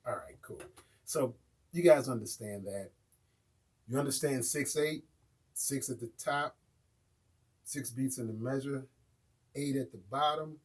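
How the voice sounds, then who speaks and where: A man's voice: medium pitch, unhurried, pauses often, a little hiss or hum. A man with an American accent teaching a casual live online drum lesson and often checking in with his viewers.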